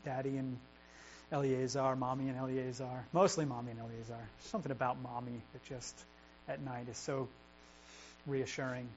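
A man's voice: medium pitch, flat delivery, normal speed, a little mellow. A young adult pastor giving a sermon, earnest and conversational, often restarting his sentences. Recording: dull lo-fi recording with mains hum.

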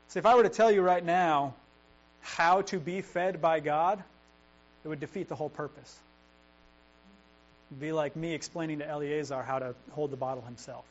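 A young man preaches a sermon in an earnest, conversational way, circling back and restarting his phrases as he thinks aloud. His voice sits a little high for a man. The recording is dull and lo-fi, with a steady mains hum behind him. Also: normal speed. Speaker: pastor.

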